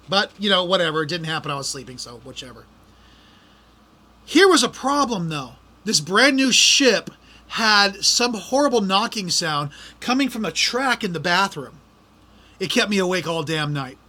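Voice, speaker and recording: Middle-aged male host, casual monologue, exasperated rants, high and bright voice. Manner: exasperated, ranting complaints. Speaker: podcast host.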